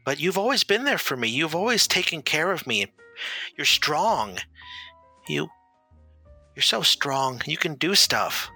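A man's voice: on the high side, sing-song, vocal fry, bright, forceful tone, breathy edge, faint music behind, exaggerated voice. Man playing a sweet, childlike young patient. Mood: earnest. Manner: simple, earnest, halting.

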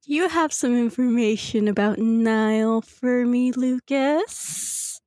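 A woman game master voicing a cutesy young woman who is secretly commanding, speaking calmly and sternly with light giggles. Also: on the high side, takes it slowly, no room sound.

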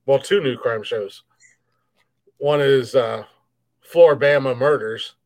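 A man's voice: mid-range voice, slow pace, a little mellow, poor audio. A man co-hosting a podcast, joking and swearing, often laughing. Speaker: podcast co-host. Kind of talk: casual banter.

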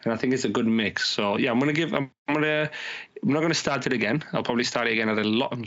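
A man co-hosting a casual podcast, chatting quickly and acting out bits of conversation. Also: medium pitch, lo-fi sound. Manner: animated, acts out quoted dialogue. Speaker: podcast co-host. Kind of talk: casual chat.

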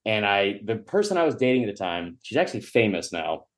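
A man's voice: lowish voice, big pitch swings, a little fast. A man, a podcast guest telling a long story in a rambling, self-mocking, profane way. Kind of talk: storytelling in casual chat.

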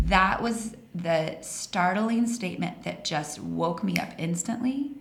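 Recorded in an echoey room with faint background hiss, a Colorado guest in her forties tells personal stories in a casual storytelling interview. She talks slowly yet with hardly any pauses, her lowish voice heavily gravelled, staying animated and laughing through each tale.

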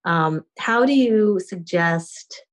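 A mother asking for parenting advice, speaking hesitantly with frequent restarts and soft laughs. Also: lowish voice, expressive, slow pace. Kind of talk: conversation.

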